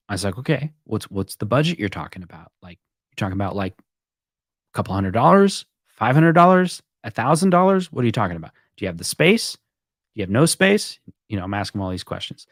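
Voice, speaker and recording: A man's voice: fairly low pitch, very animated, fairly quick, no echo, studio quality. A man hosting a casual late-night chat, telling a long rambling anecdote and acting out both sides of the conversation. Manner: rambling storyteller, acts out quoted exchanges. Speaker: host.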